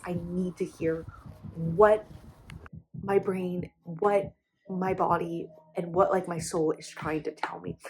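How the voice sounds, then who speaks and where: A woman's voice: on the low side, darkish tone. A young woman speaking candidly to her channel in a personal confessional vlog, emotional and close to tears, with frequent restarts and fillers. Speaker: vlogger.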